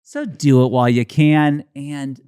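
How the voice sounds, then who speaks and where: A man's voice: mid-range voice, steady tone, unhurried, dark tone, clear, resonant tone. A man hosting a podcast and signing off the episode in casual, upbeat chat. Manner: upbeat sign-off patter. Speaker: podcast host.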